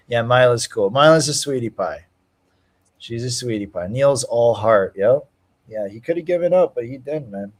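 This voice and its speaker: A young male stream host talking fight picks in casual, slang-heavy chat. His pitch swings widely as he hypes and trash-talks. He breaks into loud cheering when the action turns his way. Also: expressive, a little slow. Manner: hyped, slangy trash talk, shouting at fight moments.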